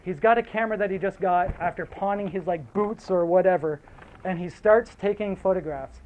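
A man's voice: sits high, normal speed, a little mellow, slight background noise, rough recording. A man telling a story casually, rambling and swearing, with lots of fillers, then reading aloud.

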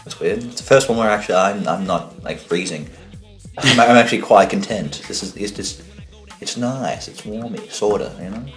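A man's voice: fairly low pitch, normal speed, faint music behind. A young man from Australia co-hosting a podcast in casual, rambling chat, often laughing and joking crudely. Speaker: podcast co-host.

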